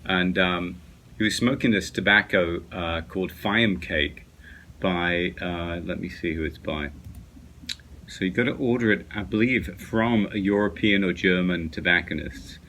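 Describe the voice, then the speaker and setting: A man's voice: low-pitched, a little slow, bright, forceful tone, a little hiss or hum. A man chatting casually at home late at night about pipes, rambling with lots of fillers and restarts. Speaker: pipe smoking vlogger.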